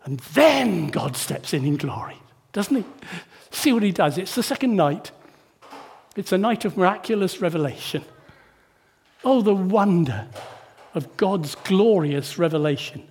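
A man preaching a sermon in church, asking the congregation rhetorical tag questions and shifting between hushed and emphatic delivery. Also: high-pitched, animated, unhurried, breathy edge.

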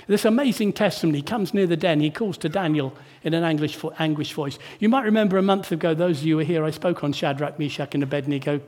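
A man preaching a sermon in church, asking the congregation rhetorical tag questions and shifting between hushed and emphatic delivery. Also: a little high, fast, hardly any pauses.

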